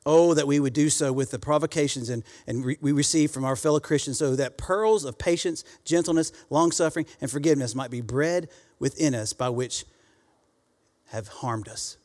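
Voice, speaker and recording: A man's voice: on the high side, moderate pace, darkish tone. A man preaching a sermon to a congregation, calling out for responses and reading scripture aloud. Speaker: pastor. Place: church sanctuary. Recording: church hall reverb.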